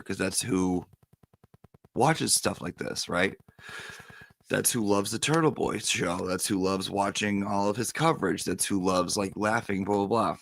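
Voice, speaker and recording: Gravelly-voiced man chatting on a livestream. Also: on the low side. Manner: animated storyteller, reads viewer comments aloud. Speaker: live stream host. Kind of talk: casual livestream chat.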